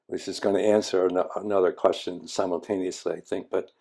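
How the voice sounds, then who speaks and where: Older man, low pitch, meditation teacher, frank, rambling storytelling, occasional swearing. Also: level tone, brisk, gravelly, mellow. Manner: frank, blunt, occasionally profane, repeats words when restarting. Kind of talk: reflective conversational storytelling.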